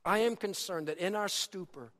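A man preaching a sermon as a pastor, swinging between loud, emphatic lines and hushed, quiet ones. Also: sits high, normal speed. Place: church sanctuary. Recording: long hall reverb.

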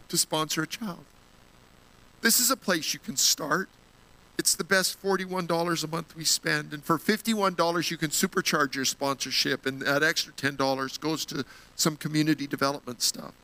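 Man, sermon, earnest storytelling, bright voice, slightly raised pitch. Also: fairly even intonation, normal speed, rough recording. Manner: earnest storytelling, gets emotional. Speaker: guest speaker at a church.

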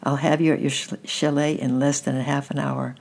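A woman reading a kind young mountain boy who speaks gently and reassuringly. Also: extremely low pitch, flat delivery, brisk, creaky, exaggerated voice. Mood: gentle.

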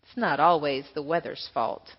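A woman voicing a grumpy dark rain cloud that speaks low and rumbling. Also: steady tone, moderate pace, husky. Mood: grumbling. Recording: echoey hall, dull lo-fi sound.

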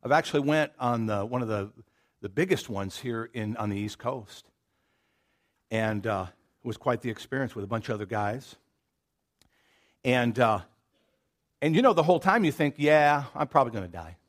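Folksy pastor preaching. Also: male voice, mid-range voice, expressive, normal speed, pauses often. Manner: folksy and conversational, with many restarts and asides. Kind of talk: sermon. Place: church sanctuary.

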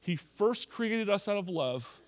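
Man preaching, high voice, slow deliberate pace, emphatic, repeats himself, church sermon. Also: lively intonation. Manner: emphatic preacher with frequent restarts and repetitions. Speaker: pastor.

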